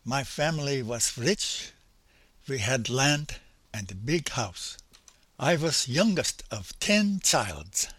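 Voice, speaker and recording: A man's voice: mid-range voice, lively intonation, slow, a bit bright, slightly rough, no room sound, full character voice. An older man voicing a sad young German sailor man in a put-on German accent, speaking subdued, broken English.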